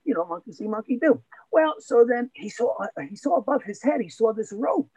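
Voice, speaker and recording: A man's voice: very high voice, lively intonation, brisk, darkish tone, slightly rough, dry recording. A man hosting an event, telling a joke and introducing a speaker, rambling with many fillers and restarts. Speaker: event host. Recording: dull, dry sound.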